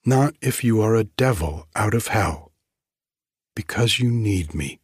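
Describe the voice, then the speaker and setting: A man voicing a seventeen-year-old girl in an audiobook, speaking in a breathy, wistful but firmly insistent way. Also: lowish voice, dry recording, clean studio sound. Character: young girl of seventeen, earnest and determined. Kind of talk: audiobook reading.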